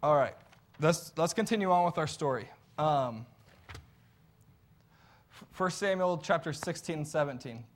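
A man's voice: a little high, animated, unhurried, long pauses. A man preaching a sermon in an earnest, conversational storytelling way.

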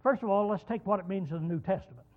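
A man's voice: sits high, very fast. A man teaching a Bible lesson as a sermon, explaining points step by step, asking questions and answering them himself. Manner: explanatory, rhetorical questions, repeats key words. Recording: tinny phone-like sound.

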